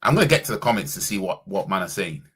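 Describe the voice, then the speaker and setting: A man's voice: low-pitched, very animated, fast talker, fairly bright tone, husky. A man reacting casually on a stream as a football fan, with a slangy, stumbling way of talking.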